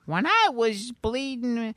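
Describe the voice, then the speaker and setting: A man doing a squeaky, bubbly cartoon sidekick, pitched way up in falsetto with gleeful "ooh-wee" whoops. He sounds earnest and goofy, close and dry with a bright edge, like a comic read aloud at a mic. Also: very animated, slow, no echo, full character voice. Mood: wistful. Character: cheery squeaky alien-ish male cartoon sidekick.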